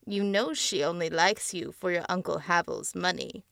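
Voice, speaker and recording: A woman's voice: fairly low pitch, normal speed, creaky, a bit bright, no room sound, studio quality. A woman voicing a grotesque, greedy old man's face that leers and growls demands. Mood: sneering.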